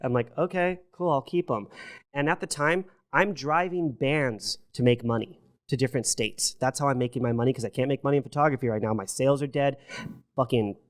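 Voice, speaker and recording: Fast-talking, swearing male storyteller. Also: medium pitch. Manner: profane, animated, acts out quotes of others. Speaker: podcast guest. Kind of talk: casual storytelling.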